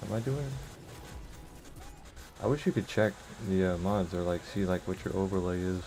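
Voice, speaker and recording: A man's voice: low-pitched, moderate pace, a little mellow, low-quality recording. A man chatting casually while streaming a game live, rambling loosely, with many fillers and frequent chuckles. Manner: rambling and loose, with lots of "like" and "bro"; chuckles often while talking. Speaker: gaming streamer.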